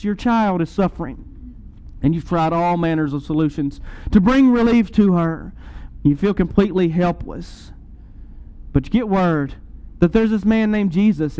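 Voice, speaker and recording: Male preacher, high mellow voice, earnest sermon delivery with emphatic surges. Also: clean tone, rough recording. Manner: earnest, rising to emphatic peaks.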